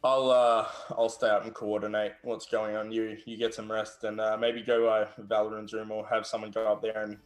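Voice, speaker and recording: A man voicing a steady, caring leader in a tabletop role-play, talking calmly with hesitant pauses. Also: on the low side, soft background music, natural voice. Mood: practical. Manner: calm, hesitant, with filler pauses.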